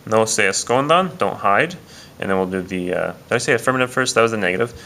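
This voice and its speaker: A man's voice: on the low side, fast, creaky, fairly bright tone, slight background noise. A man teaching a casual video lesson, explaining step by step with frequent "uh" and "um" fillers. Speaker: Spanish teacher.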